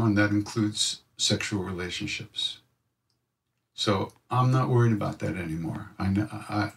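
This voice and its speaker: A man telling a reflective personal story, animated and acting out other people's voices in his quotes. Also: on the low side, gravelly, recorded from a distance. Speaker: spiritual storyteller.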